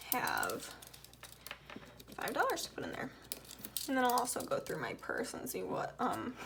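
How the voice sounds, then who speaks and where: High-voiced Southern woman counting cash. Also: gravelly, slight background noise. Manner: counts cash aloud, drifting into soft murmured tallies. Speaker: budgeting vlogger. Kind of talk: casual budgeting vlog.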